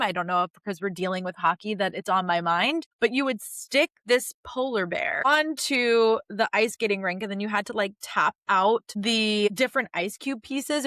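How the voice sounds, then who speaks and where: A young woman hosts a podcast of casual recap commentary on a TV series, speaking in a mid-range voice on a dry, studio-quality recording. She's animated, swears casually, and acts out the characters' lines in a raised voice.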